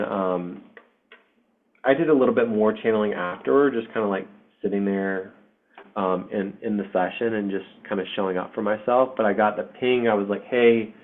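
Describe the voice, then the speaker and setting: Man, 40s, low voice, candid emotional storyteller with swearing and fillers, heard over thin phone-like call audio. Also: vocal fry. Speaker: spiritual group host. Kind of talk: casual personal storytelling. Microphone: online video session.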